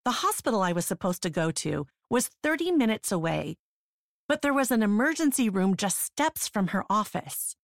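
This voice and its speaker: A woman narrating her own memoir in the first person, in a measured, sober way. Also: medium pitch, sing-song, creaky, no echo, clean studio sound.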